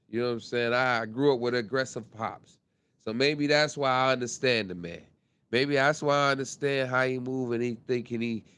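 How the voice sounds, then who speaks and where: A man hosting a podcast in casual commentary, talking in with an animated, repetitive delivery. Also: mid-range voice. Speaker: podcast host.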